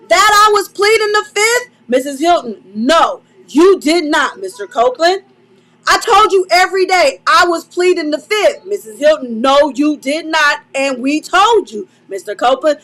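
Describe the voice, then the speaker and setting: High-voiced woman reading court dialogue. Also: fairly bright tone. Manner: reads both sides of an exchange aloud, naming each speaker; emphatic, repeats phrases for stress. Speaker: commentator reading court transcript.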